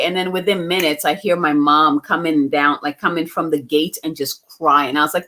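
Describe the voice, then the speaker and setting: A woman's voice: lowish voice, brisk, few pauses, a bit bright. A woman guest from outside the US, telling personal stories in a casual, chatty way with frequent laughs and fillers. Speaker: psychic medium guest. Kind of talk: casual interview storytelling.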